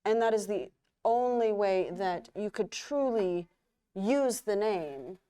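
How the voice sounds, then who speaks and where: A woman player speaking in a drawn-out, mock-formal theatrical manner during improvised storytelling. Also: medium pitch, expressive, dark tone, clean tone, dry recording.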